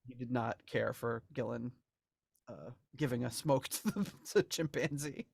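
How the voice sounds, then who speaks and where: A man's voice: mid-range voice, normal speed, vocal fry, slightly rough, dry recording. Guy on a podcast chatting loosely, lots of restarts and laughs, dry close sound. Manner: rambling, laughs often, restarts. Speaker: podcast co-host. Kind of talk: casual chat about album memorabilia.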